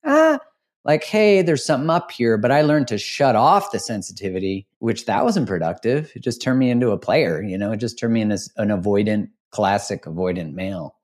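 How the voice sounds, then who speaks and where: A man's voice: lowish voice, lively intonation, darkish tone. Earnest, reflective male podcast host. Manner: reflective, earnest, speaks in slow deliberate phrases. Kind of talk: podcast conversation.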